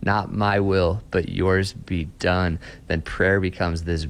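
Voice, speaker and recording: A man's voice: low-pitched, slow, slight background noise. A man who is a pastor, talking earnestly in an interview and often restarting his sentences. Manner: earnest, animated, many restarts. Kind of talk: podcast interview guest.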